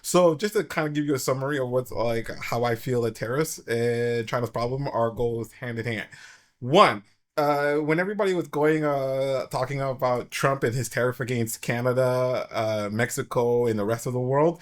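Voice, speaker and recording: A man's voice: mid-range voice, normal speed. A man hosting a casual opinion chat, rambling with many fillers and restarts. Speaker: podcast host.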